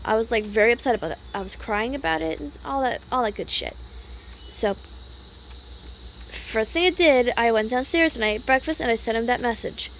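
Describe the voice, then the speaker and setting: A woman's voice: a little high, normal speed, fairly bright tone, slight background noise. A young woman vlogger venting in a casual, rambling monologue, upset and swearing freely.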